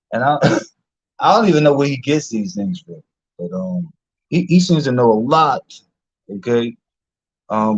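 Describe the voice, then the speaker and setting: A man's voice: mid-range voice, dry recording, muffled recording. A man from Philadelphia hosting a casual stream, chatty, laughing often and full of fillers. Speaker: host. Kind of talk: casual live-stream chat.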